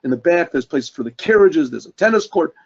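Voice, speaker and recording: A man's voice: fairly high pitch, expressive, a little fast. A man voicing a proud, grateful male hotel owner who talks effusively. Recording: dull lo-fi recording.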